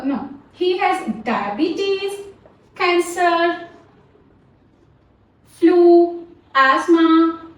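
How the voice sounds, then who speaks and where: A woman teaching English grammar, talking patiently and repeating words so learners can practice pronunciation. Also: high voice. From Pakistan. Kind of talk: grammar lesson. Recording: roomy echo, faint background noise.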